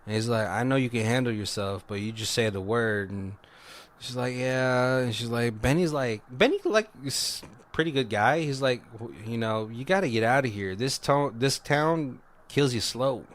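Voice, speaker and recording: A man's voice: mid-range voice, normal speed. Laughing, profane man recapping a movie. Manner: rambling, profane, laughs often, acts out character lines. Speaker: podcast co-host. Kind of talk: casual movie recap chat.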